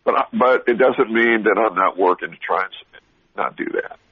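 Speaking at a normal speed, this husky-voiced man of middle pitch is a seasoned talk show guest delivering laid-back motivational talk on the radio. He's blunt and animated, often laughing and restarting mid-story, and the sound is dry and a bit dull, with no room sound, in a broadcast style.

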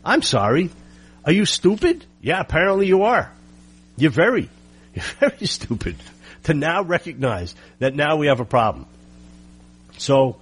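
A man delivering a combative, sarcastic political monologue full of rhetorical questions, with a husky voice. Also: mid-range voice. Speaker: political commentator.

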